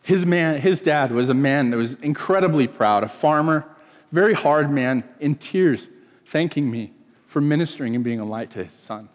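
A man's voice: a little high, expressive, moderate pace, long reverb tail. A man from California preaching a sermon, telling stories and acting out the voices of people he quotes. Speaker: pastor.

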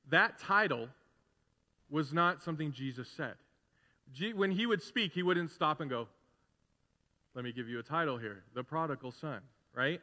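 A middle-aged man preaching a sermon as pastor in a conversational way, building to loud, emphatic repetition. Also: fairly high pitch. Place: church sanctuary. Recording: long hall reverb in a church.

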